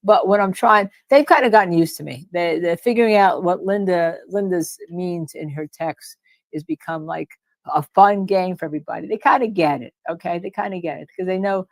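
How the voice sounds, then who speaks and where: A woman with a New Jersey accent hosting a casual livestream, talking in an animated way about a court case, repeating herself and reading chat comments aloud. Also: fairly low pitch, normal speed, no echo.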